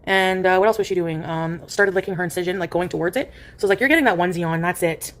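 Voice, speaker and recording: A woman's voice: fairly low pitch, fast talker. Rambling woman chatting on a stream. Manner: rambling, with heavy use of "like"; coos softly to her cat in baby talk. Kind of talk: casual livestream chat.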